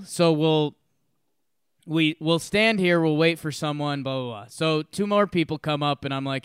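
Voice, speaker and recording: A man co-hosting a casual chat podcast, telling a story with lively acted-out quotes and frequent laughs. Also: on the high side, normal speed, clear, resonant tone, no room sound, clean studio sound. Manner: animated storyteller, acts out quotes, laughs often. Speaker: podcast co-host.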